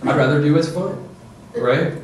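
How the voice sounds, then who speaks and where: A man giving a lively, joking parenting talk to an audience, often checking in with "okay?" and "right?". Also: fairly high pitch, normal speed, far from the mic, a little hiss or hum. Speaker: presenter to parents. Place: presentation room with audience. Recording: echoey room, voice from afar.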